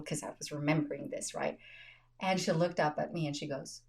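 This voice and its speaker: Animated laughing woman telling a story. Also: low voice, moderate pace, vocal fry. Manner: animated storyteller, laughs often, acts out quotes. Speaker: podcast host. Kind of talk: casual conversation, storytelling.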